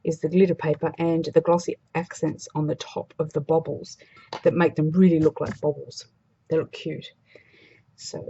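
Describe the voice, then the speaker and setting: A woman's voice: deep voice, creaky, mellow, husky, muffled recording. A woman demonstrating a craft project in a chatty, casual way, thinking aloud as she works. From Australia.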